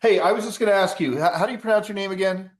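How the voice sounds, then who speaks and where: A man's voice: sits high, racing. Laid-back man with a roomy echo. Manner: laid-back, rambling, swears casually. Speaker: host of a sobriety support call. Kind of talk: casual group call chat.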